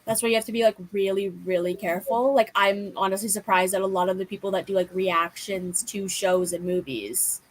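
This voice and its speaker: A woman's voice: medium pitch, steady tone, a little fast, hardly any pauses, poor audio. A young woman hosting a casual book chat, rambling and leaning on lots of fillers. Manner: rambling, heavy use of filler like. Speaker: booktube host.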